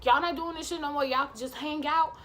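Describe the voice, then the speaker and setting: A sharp, confrontational wife who demands answers and swears freely, as a woman recounting the story puts her on. The voice sits high and loud. It is told in a casual storytime video. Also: steady tone, brisk, a little hiss or hum. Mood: angry, demanding. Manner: confrontational, blunt and profane.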